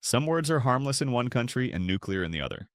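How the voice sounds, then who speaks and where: A man's voice: mid-range voice, very animated, fast talker, no room sound, clean studio sound. A man giving scripted comedic narration for an explainer video, with a wry, playful and punchy delivery.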